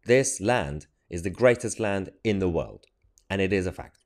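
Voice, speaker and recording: A male commentator reacting to a televised debate, his voice swinging widely in pitch as he mocks what he hears. He sounds exasperated and sarcastic, and he laughs between his points. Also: expressive, normal speed. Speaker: political commentator reacting to a TV clip. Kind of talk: opinionated online commentary.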